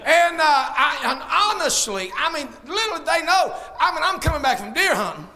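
A man preaching a fiery sermon as pastor, shouting much of it and mixing in folksy humor. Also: very high-pitched, sing-song, moderate pace.

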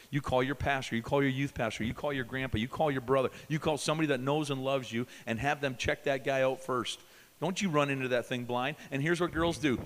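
A man's voice: mid-range voice, fairly even intonation, brisk. Emphatic male preacher in a reverberant hall. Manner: emphatic, questioning the audience, swinging from loud to hushed. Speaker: youth camp preacher. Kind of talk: sermon.

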